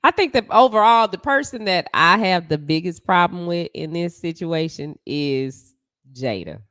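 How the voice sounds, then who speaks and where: A woman's voice: on the low side, lively intonation, normal speed, fairly bright tone, dry recording, studio quality. A woman co-hosting a casual chat who speaks frankly and asks pointed questions. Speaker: podcast co-host.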